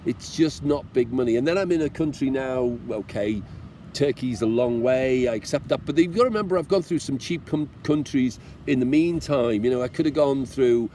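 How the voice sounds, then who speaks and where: A chatty British man, speaking at a middle pitch, vlogging outdoors about riding his motorbike across countries. He talks to the viewer in a warm, encouraging way and mocks himself with the odd joke. The faint hum of traffic and street sounds sits behind his voice. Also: normal speed. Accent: British English. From Britain. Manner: chatty, encouraging, self-mocking, jokingly tearful. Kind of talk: casual chat to camera.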